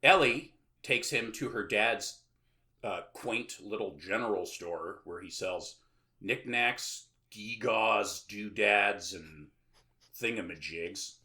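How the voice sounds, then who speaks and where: A man chats through a film plot as a podcast host, rambling and sarcastic, with plenty of filler sounds. His voice sits on the lower side, yet it has a bright, forceful edge. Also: slow pace. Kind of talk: casual plot recap with jokes.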